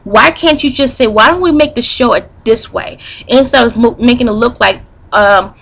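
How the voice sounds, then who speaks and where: A young woman ranting in a commentary vlog, angry and profane, with many asides and quotes read out slowly. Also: a little high, gravelly, fairly bright tone, slightly rough, low-quality recording. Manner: reads quotes aloud slowly. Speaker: vlogger commenting on news.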